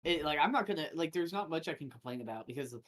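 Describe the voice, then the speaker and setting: A man's voice: a little high, expressive, fast, fairly bright tone. A man hosting a live fantasy football stream, chatting loosely with lots of fillers and restarts, recorded at a home setup on a desk mic. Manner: loose, filler-heavy analysis with frequent restarts. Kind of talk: casual live-stream chat.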